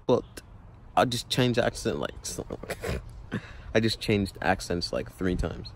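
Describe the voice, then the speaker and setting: A man's voice: sits low, moderate pace, slight background noise. A young man in a casual vlog, rambling and joking as he tries out put-on accents. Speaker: YouTuber.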